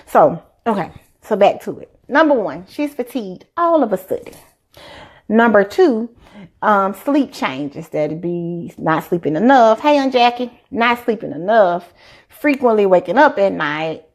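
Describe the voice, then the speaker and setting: A woman's voice: medium pitch, measured pace. A woman, a doctor chatting casually on a live stream and acting out quotes as she tells stories. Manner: animated storyteller, acts out quotes. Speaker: doctor giving health advice.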